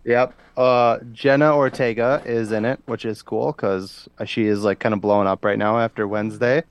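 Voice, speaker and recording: Chatty man with a smooth voice. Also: lowish voice, fairly even intonation, normal speed, no echo. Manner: chatty, laughs often, trails off with fillers. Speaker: podcast co-host. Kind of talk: casual chat.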